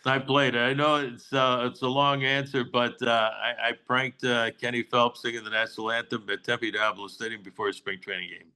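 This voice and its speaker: Bright-voiced older man telling stories. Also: medium pitch, level tone, moderate pace, few pauses, clean tone, rough recording. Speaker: Mariners broadcaster, guest. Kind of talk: casual interview chat, storytelling.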